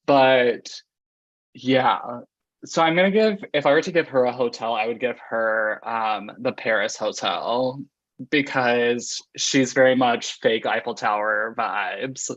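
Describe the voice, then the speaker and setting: A man's voice: mid-range voice, slow pace, fairly bright tone, dry recording, highs cut off. A man chatting as a podcast guest in a gossipy way, laughing often. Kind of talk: casual chat.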